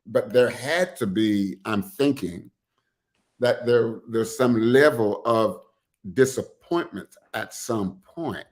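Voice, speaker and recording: A male talk show host asks questions in an earnest, conversational way. he often restarts and repeats words as he works toward what he wants to ask. his voice sits at an ordinary pitch for a man. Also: takes it slowly. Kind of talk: casual interview.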